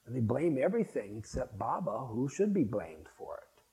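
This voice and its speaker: A man's voice: medium pitch, sing-song, normal speed, hardly any pauses, warm tone, poor audio. An older man speaking to a spiritual gathering, rambling and anecdotal, with frequent restarts as he reminisces. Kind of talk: reminiscing talk to an audience.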